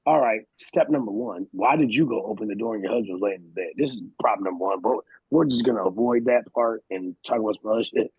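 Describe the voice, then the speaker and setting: A man hosting a casual podcast talk, animated and slangy, telling stories and acting out what others said. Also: lowish voice, fast talker, hardly any pauses, slightly rough, dry recording, muffled recording. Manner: animated, slangy, storytelling with quoted voices. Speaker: podcast host. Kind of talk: casual chat.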